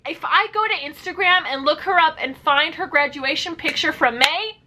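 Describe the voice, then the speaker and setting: Animated, sarcastic young woman. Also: high voice, normal speed, slight background noise. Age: young adult. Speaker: vlogger. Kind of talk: casual reaction commentary.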